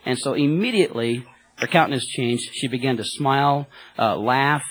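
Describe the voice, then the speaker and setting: A man, a cab driver, telling a rambling, excited testimony to a church group, full of fillers and restarts. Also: mid-range voice, moderate pace, poor audio.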